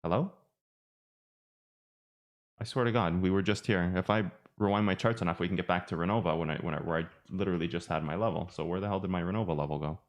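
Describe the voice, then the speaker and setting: Irish man, deep voice, chatty, rambling, self-mocking, live chart commentary. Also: racing, hardly any pauses, dull audio. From Ireland. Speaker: trading streamer.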